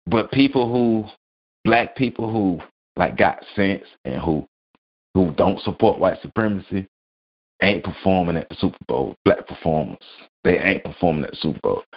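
A man hosting a solo podcast, ranting bluntly and profanely, repeating phrases to mock. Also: deep voice. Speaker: podcast host. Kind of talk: solo opinion rant. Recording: dull lo-fi audio.

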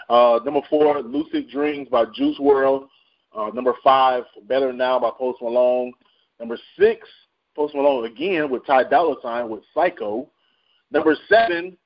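A radio show host, male, runs through the charts in a casual radio style, cracking jokes, using slang, and laughing often. His voice sits in the mid-range and moves a little slowly. The sound is dull and lo-fi.

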